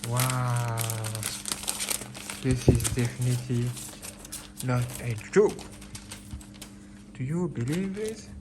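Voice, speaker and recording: Male vlogger, slow excitable unboxing delivery, phone-recorded with a noisy background. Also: mid-range voice. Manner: excitable, repeats himself, exclaims in disbelief. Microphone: phone camera.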